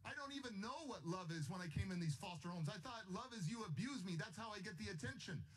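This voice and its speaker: A man's voice: high-pitched, lively intonation, fast, husky, soft background music. A man giving a motivational speech, telling his story in a passionate, emphatic way. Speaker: motivational speaker.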